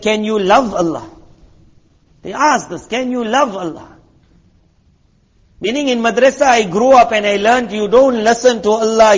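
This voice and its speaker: A man's voice: sits high, slightly rough, long reverb tail. A man preaching a sermon in a conversational, storytelling way, asking his listeners rhetorical questions. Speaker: Islamic preacher. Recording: muffled lo-fi recording.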